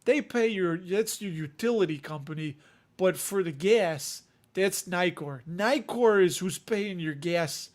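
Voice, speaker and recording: A man with a Chicago accent and a fairly high voice hosts a casual livestream from home. He rambles and jokes at his own expense as he chats to his viewers. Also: expressive, a little slow. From Chicago area. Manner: rambling, joking, self-deprecating. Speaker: dividend investing livestream host.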